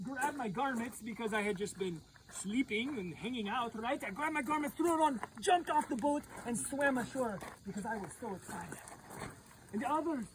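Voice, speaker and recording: A woman youth pastor acting out a Bible story in the first person, animated and playful, talking straight to her audience. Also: fairly high pitch, noisy background.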